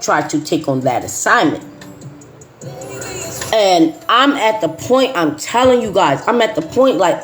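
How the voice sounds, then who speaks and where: Emphatic woman host with faint music. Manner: emphatic, repeating phrases, dropping to low asides. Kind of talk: casual chat.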